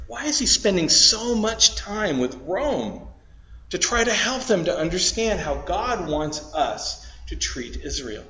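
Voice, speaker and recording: Emphatic preacher, lo-fi sound. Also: male voice, a little high, a bit bright, a little hiss or hum. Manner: emphatic preaching, rising and dropping for stress. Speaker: pastor. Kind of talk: sermon. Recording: dull lo-fi recording.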